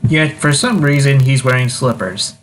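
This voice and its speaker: A man's voice: mid-range voice, normal speed, a bit bright, faint music behind. Man, podcast co-host, casual chat, dry wry asides, online call. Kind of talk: casual chat recapping episodes.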